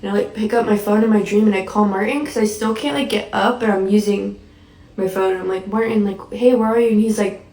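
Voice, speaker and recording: A woman's voice: mid-range voice, brisk, darkish tone. A shaken woman who has just been crying, recounting a nightmare in a rambling way with many "likes". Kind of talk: casual spoken recounting. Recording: echoey room, mic at a distance.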